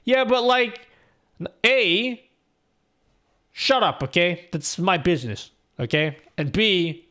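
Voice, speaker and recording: A man's voice: high voice, slow, pauses often, pushed and bright. A young man live streaming, chatting casually with his viewers and reading their messages aloud, in a loose, rambling, profane way. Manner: laid-back and profane, rambling with restarts and laughs.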